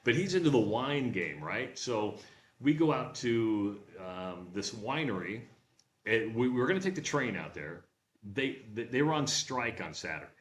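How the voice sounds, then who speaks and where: A man's voice: mid-range voice, lively intonation, moderate pace, roomy sound. A man co-hosting a radio show, telling a travel story in casual chat and acting out the voices of people he quotes. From Nebraska.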